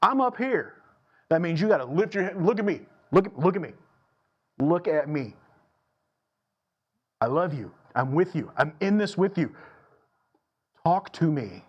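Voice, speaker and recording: Man, pastor, emphatic sermon, repeats phrases for stress, higher-pitched voice, church sanctuary. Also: expressive, breathy edge, muffled recording. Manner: emphatic, repeats phrases for stress, shifts between slow and fast delivery.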